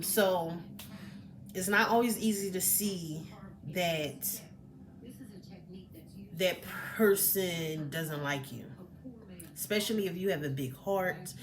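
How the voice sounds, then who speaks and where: A woman talking casually to camera as a personal development coach, chatty and expressive, with many fillers. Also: on the low side. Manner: chatty and expressive, with fillers, acts out quoted remarks.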